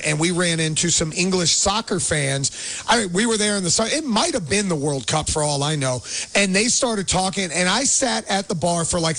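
An upbeat male sports radio host who chats easily and keeps the show moving. His voice is notably high for a man. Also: a bit bright, dry recording. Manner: upbeat, chatty.

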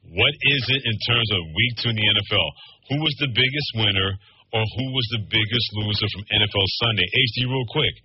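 A man hosting a sports radio show, briskly reading station plugs and then giving his takes on the games. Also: lowish voice, husky, dry recording, muffled recording. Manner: brisk, reads plugs and phone numbers.

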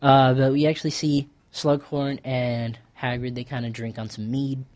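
A man's voice: mid-range voice, flat delivery, moderate pace, a little mellow, no room sound. A young man hosting a casual podcast, recapping a film in a laid-back, rambling way with lots of fillers and slang. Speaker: podcast host. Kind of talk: casual chat.

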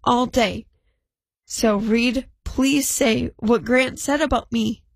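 A woman radio co-host speaking slowly, her voice gravelly and a little worn as it recovers. The pitch sits somewhat high, and the studio sound is dry. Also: steady tone, no room sound. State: recovering from voice loss. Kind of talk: casual morning radio banter.

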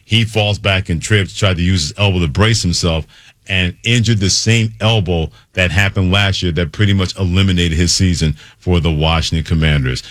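Low-voiced male sports radio host. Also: a bit bright, no room sound, studio quality. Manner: conversational, brisk. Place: radio studio. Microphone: studio mic.

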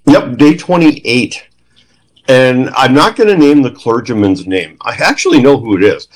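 A man's voice: mid-range voice, animated, moderate pace, rough recording. A middle-aged man, a guest in an interview, telling a story with energy and acting out the dialogue he quotes. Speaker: guest, former police trainer.

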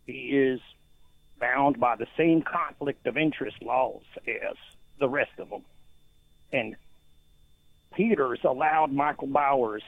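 A man playing a disguised caller who fakes a drawling accent on a talk radio line. His voice is gravelly and husky, and he keeps accusing and talking over the host. The sound is thin and phone-like. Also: medium pitch, slow, pauses often, no room sound. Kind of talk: call-in radio complaint.

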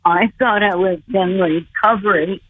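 Older woman, slow, over a phone line. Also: mid-range voice. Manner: earnest, acts out her own pleas. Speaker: guest recounting near-death experience. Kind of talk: slow storytelling.

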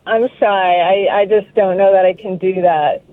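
A woman's voice: medium pitch, steady tone, normal speed, no room sound, faint music behind. Woman on a tinny phone line, coy. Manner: coy, mock-posh attempts at a British accent. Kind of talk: playful banter.

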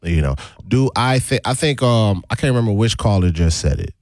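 Male talk host, casual and laid-back, lively pitch, leans on key words. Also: brisk, no room sound, studio quality. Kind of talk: casual chat.

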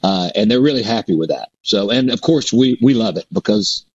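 A man's voice: fairly low pitch, lively intonation, brisk, lo-fi sound, slight background noise. A middle-aged man, a performer, telling rambling stories in a casual interview, with many restarts and fillers. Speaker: performer and guest. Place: performs a resident show in a Mississippi theater.

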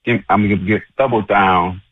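A man's voice: lowish voice, fairly even intonation, normal speed, no echo. A man calling in to a radio show, indignant and complaining. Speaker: caller. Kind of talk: call-in rant. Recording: tinny phone line.

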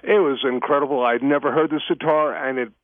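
A man's voice: medium pitch, steady tone, a little fast, dry recording. A man who is the guest on a radio talk show, telling stories in a chatty way and laughing easily. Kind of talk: casual radio interview. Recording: tinny phone line, dry.

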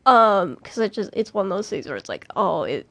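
A woman's voice: mid-range voice, sing-song, brisk, fairly bright tone. A woman chatting casually about playing a witness in a mock trial, with lots of laughs and restarts. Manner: chatty, laughing, self-interrupting. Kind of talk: casual chat.

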